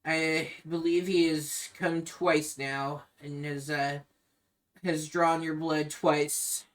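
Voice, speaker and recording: Woman doing a somber protective brother, low voice, slow and measured. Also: little pitch movement. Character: weary, grieving young man, protective older brother.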